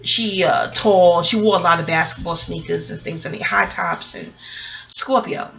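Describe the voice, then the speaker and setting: A woman's voice: fairly low pitch, normal speed, vocal fry, slight background noise, low-quality recording. A middle-aged woman from New City, telling a personal story in a casual, profane monologue to her viewers. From New York City. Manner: animated, profane, talks straight to viewers. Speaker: vlogger and memoir author.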